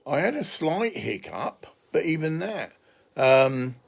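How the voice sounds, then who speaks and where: A man with an English accent talks through a loose, casual monologue, drifting from one point to the next. His voice carries a gravelly fry, and he takes his time, swearing freely as he goes. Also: on the high side, sing-song, slow. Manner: chatty, digressive, swears freely.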